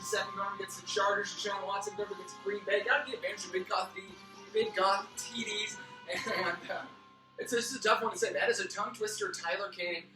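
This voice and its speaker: Fast-talking man rambling through puns. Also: sits high. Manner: rambling, wandering off on pun tangents. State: losing his voice. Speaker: fantasy football league host. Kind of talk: mock sports-analyst preview. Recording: roomy, distant mic with music behind.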